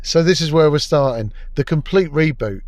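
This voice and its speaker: A man's voice: on the high side, animated, normal speed, darkish tone, no room sound. A man giving a scornful, crude, exasperated review of a TV episode. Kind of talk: ranting review commentary.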